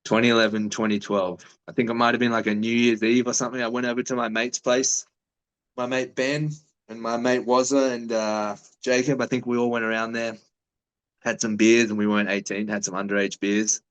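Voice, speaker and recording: A man's voice: medium pitch, level tone, fairly quick, clear, resonant tone, rough recording. A man in his thirties, a fighter, telling stories in a casual interview with a laid-back, swearing manner.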